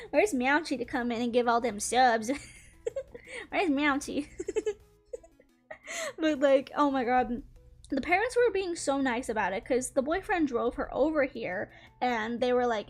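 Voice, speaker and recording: A woman's voice: high voice, animated, a little slow. A young woman from the American South with a Southern accent, telling a casual storytime while drawing, chatty and laughing often. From Southern United States.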